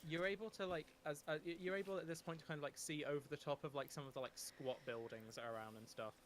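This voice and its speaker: A man narrating a tabletop game as game master, in a relaxed, rambling way with many fillers and restarts. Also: fairly high pitch, fast talker, slight background noise.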